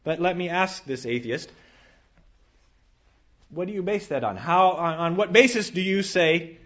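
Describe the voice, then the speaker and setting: A man preaching a sermon in an earnest manner, rising to emphatic lines and dropping to quiet, low passages, often restarting his phrases. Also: unhurried, long pauses. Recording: dull lo-fi sound.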